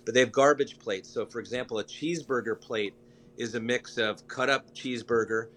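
A man's voice: mid-range voice, steady tone, brisk, fairly bright tone. A man who works in news, speaking as a guest in a casual interview, talking in a chatty, rambling and enthusiastic way.

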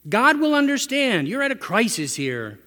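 A preacher voicing the devil as a smooth, persuasive tempter. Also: male voice, very high voice, wildly swooping pitch, normal speed, bright, forceful tone, voice pushed up, heavily acted. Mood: coaxing. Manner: wheedling, persuasive. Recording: echoey hall reverb.

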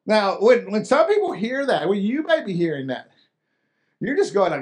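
A man's voice: high-pitched, sing-song, normal speed. A pastor preaching a sermon in a conversational way, asking the listeners questions and often repeating and restarting his words. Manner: voice swings from quiet to loud with emphasis.

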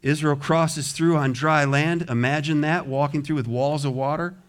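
A man preaching a sermon in a church, lively and often acting out the voices of a grumbling crowd. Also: a little high, normal speed. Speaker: pastor. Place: church sanctuary.

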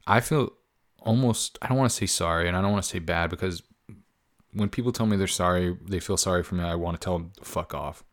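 A man with a very low, deep voice hosts his own podcast, talking off the cuff. He rambles candidly, swears freely, and leans on fillers as he goes. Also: fast. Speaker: podcast host. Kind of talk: casual solo podcast monologue.

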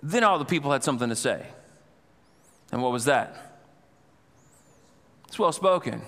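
A male pastor preaching a sermon, telling a scripture story with animated, dramatized retelling. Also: medium pitch, moderate pace. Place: church sanctuary. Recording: long reverb in a church hall.

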